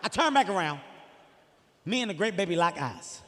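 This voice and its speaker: A man in his forties doing stand-up, telling a story in an animated, exasperated way with profane outbursts. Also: high-pitched, moderate pace, big-room sound. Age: 40s. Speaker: stand-up comedian.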